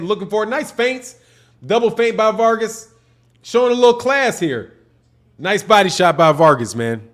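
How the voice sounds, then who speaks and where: A man from Chicago with a Chicago accent, hosting a casual livestream, chatting with viewers and commenting on a boxing fight in a loose, slangy way. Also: high-pitched. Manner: laid-back slangy talk, reading out chat messages. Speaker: livestream host.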